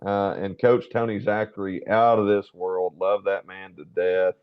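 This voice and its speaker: A man's voice: deep voice, little pitch movement, measured pace, smooth, muffled recording. Affectionate man host. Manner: warm, affectionate, storytelling. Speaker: podcast host. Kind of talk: casual interview talk.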